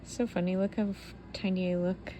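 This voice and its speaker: A woman's voice: on the low side, fairly even intonation, moderate pace, background noise. A woman vlogging at home as she sorts through her belongings, talking in a rambling, heartfelt way with many fillers. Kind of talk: casual personal vlog. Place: home while sorting belongings.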